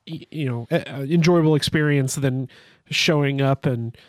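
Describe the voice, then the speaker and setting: A man's voice: medium pitch, measured pace, no echo, studio quality. A man co-hosting a casual podcast, chatting over a beer in a rambling way, often restarting his sentences. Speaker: podcast co-host.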